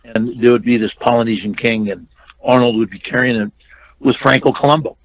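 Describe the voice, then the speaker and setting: A man's voice: medium pitch, fairly even intonation, brisk, low-quality recording. An older man, a stuntman and actor, telling long rambling anecdotes in a casual interview, full of restarts and quoted dialogue. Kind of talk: casual storytelling.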